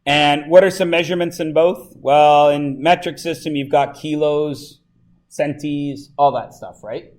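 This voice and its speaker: A man from Canada teaching a high school math class, talking casually, joking with the students and asking them lots of questions. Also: steady tone, a little slow, darkish tone. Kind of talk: classroom lesson.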